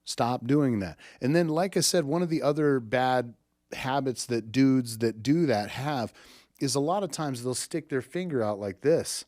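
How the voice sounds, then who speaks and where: A man's voice: medium pitch, normal speed, darkish tone, dry recording, clean studio sound. A man, an audio engineer, giving a casual spoken lesson on microphone technique in a blunt, emphatic way, swearing freely and often checking in with "right?". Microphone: studio microphone with tube preamp.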